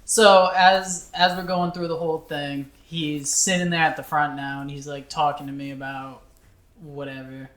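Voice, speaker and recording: Lively young man telling a story, bright, echoey. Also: a little high, normal speed. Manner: animated storyteller, laughs often, acts out quoted voices. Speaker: podcast co-host. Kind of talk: casual storytelling chat.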